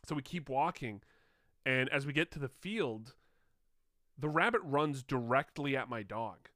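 A man's voice: mid-range voice, lively intonation, a little slow, pushed and bright, no echo, studio quality. A young man co-hosting a podcast, chatting casually with loose swearing and frequent laughter. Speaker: podcast co-host. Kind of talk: casual chat.

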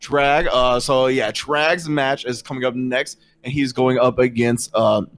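A man's voice: mid-range voice, steady tone, unhurried, fairly bright tone. A man narrating a tabletop game as game master, rambling with lots of fillers.

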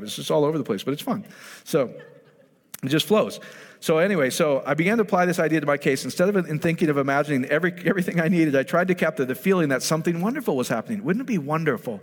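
A man preaching a sermon in a lively storytelling way, acting out the voices of the people he talks about. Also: on the high side, fast. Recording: long hall reverb.

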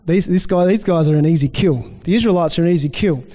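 A man with a high voice preaches to his congregation, chatty and loose, restarting phrases as he talks them through. His voice rings out with a long hall reverb behind it. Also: fast talker, darkish tone. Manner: conversational preaching with restarts and acted-out quotes. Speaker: pastor. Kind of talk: sermon.

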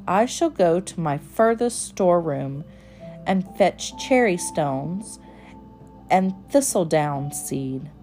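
A woman's voice: fairly low pitch, expressive, slow, mellow, soft background music. A woman voicing a fussy, tidy little female mouse who talks in a prim, scolding way. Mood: brisk.

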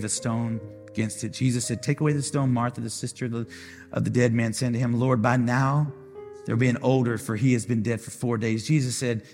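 A man who is a pastor preaching a sermon with passion, swinging between loud declarations and soft, quiet asides. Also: mid-range voice. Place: church sanctuary. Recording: live church hall with music behind.

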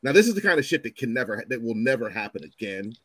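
Man, 50s, storyteller guest; lively swooping delivery, salty language, dry close sound. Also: mid-range voice, fast, husky, no echo. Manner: animated, profane, acts out voices in his stories. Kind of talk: casual storytelling chat.

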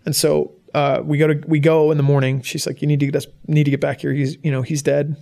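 A young adult man giving a personal testimony to an audience, halting and emotional, with many restarts. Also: a little high, flat delivery, creaky, warm tone. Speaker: guest speaker.

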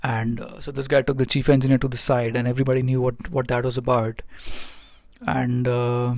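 A man's voice: medium pitch, completely flat delivery, brisk, creaky, darkish tone, no echo, clean studio sound. A man who works as a ship's engineer, telling stories from aboard in a rambling, casual way with many fillers and restarts. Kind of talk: casual storytelling vlog. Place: aboard a ship.

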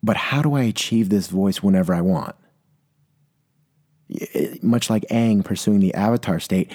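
A man's voice: fairly low pitch, expressive, normal speed, warm tone, breathy edge. A young man hosting a casual solo podcast, rambling and self-deprecating, a little congested from a cold. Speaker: podcast host.

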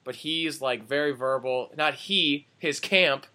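A young man with a bright, forward tone talks sports on a casual podcast. He is excitable and profane, and his voice swings from low mumbles to sudden shouts. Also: unhurried. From Wisconsin. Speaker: podcast co-host.

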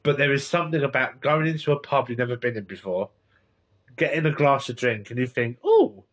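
A man's voice: mid-range voice, brisk, fairly bright tone. A man with a Cockney accent from East London, co-hosting a casual podcast chat, bantering and teasing. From East London, England. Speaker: podcast co-host.

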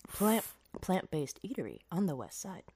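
A woman's voice: fairly low pitch, very animated, warm tone, husky. Giggly, playful woman on a podcast. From Indiana. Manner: playful, giggly, quick comebacks. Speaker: podcast co-host. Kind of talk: casual chat.

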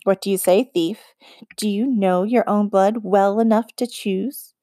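Witch queen of the forest, cold and mocking, drawn-out lines, dry close sound, read by a woman. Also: medium pitch, steady tone, warm tone, no echo, close to an everyday voice. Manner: mocking, slow and deliberate. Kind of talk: audiobook character reading.

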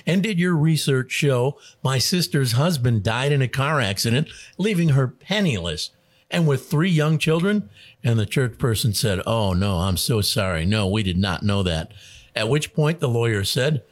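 A man's voice: medium pitch, moderate pace. A man hosting a radio show, telling jokes in a casual, chuckling way. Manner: animated joke-telling with voices and chuckles. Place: radio studio.

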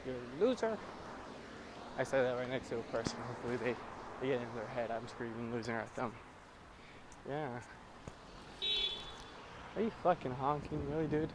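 A man's voice: medium pitch, fairly even intonation, normal speed, pauses often, heavy background noise. A man hosting a casual solo podcast, rambling with lots of swearing about music and daily annoyances. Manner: profane, rambling, scats and sings improvised blues. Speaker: podcast host.

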